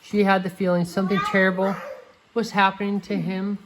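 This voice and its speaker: A woman reading a picture book aloud to a child, gentle and expressive, with a few slips and restarts. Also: medium pitch, a little fast, background noise. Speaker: reader.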